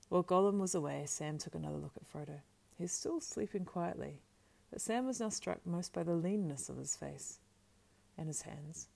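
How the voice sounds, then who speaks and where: A woman narrating a storybook aloud in a steady, measured reading with small slips. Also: lowish voice, vocal fry. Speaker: audiobook narrator.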